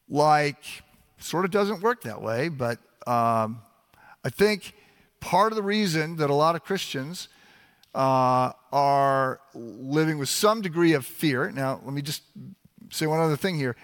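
A man's voice: a little high, very animated, measured pace, a bit bright, in a large hall. A man preaching a sermon in a conversational, emphatic way, often restarting his phrases. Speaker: pastor.

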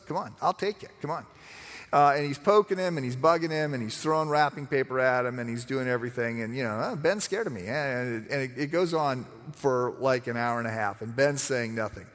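Middle-aged male pastor, animated storyteller, slightly high voice, long hall reverb. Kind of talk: sermon.

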